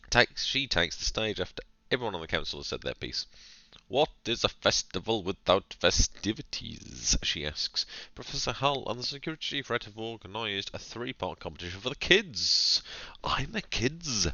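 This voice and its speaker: Male let's-player with a deep, bright voice, animated and jokey while reading game text, on a dry, dull lo-fi mic. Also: no room sound. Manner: playful, chatty, jokey running commentary. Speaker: gaming channel host. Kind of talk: narrated let's-play, reading game text aloud with asides.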